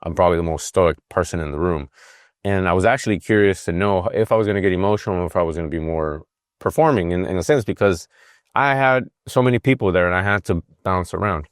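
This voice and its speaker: A man's voice: low-pitched, fast, no room sound, studio quality. A man in his fifties hosting a podcast, talking casually and reflectively, with many fillers and restarts. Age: 50s. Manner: emotional, rambling, frequent fillers and restarts. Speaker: podcast host.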